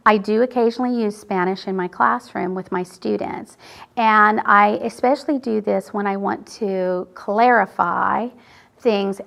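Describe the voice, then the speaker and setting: A woman first grade teacher, coaxing her class along and sounding out letters slowly and clearly, with short asides explaining her lessons. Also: mid-range voice. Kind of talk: classroom teaching and interview commentary. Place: elementary classroom.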